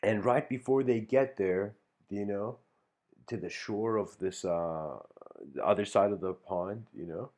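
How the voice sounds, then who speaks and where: A man gives a talk, spinning a story in a laid-back, rambling style full of fillers and restarts, chuckling between phrases as he reflects casually. His voice is lowish with a darkish tone, and he doesn't hurry.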